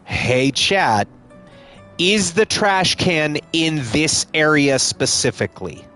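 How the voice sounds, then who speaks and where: A man's voice: fairly high pitch, big pitch swings, takes it slowly, bright, forceful tone. A man casually commenting on a game he streams live, joking and swearing, with game music behind.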